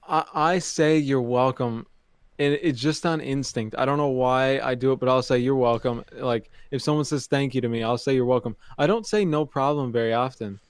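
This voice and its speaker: A man's voice: medium pitch, normal speed, clear, resonant tone, dry recording. A young man co-hosting a podcast, chatting casually and telling anecdotes while repeating phrases as he thinks. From Canada. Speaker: podcast co-host. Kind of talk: casual chat.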